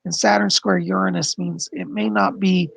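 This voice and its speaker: Gravelly hoarse man giving astrology forecast. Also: high voice, fairly even intonation, normal speed, a bit bright, dry recording. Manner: chatty, explains with frequent "okay?" and "you know". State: hoarse, losing his voice. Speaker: psychic astrologer host. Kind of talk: casual livestream astrology forecast.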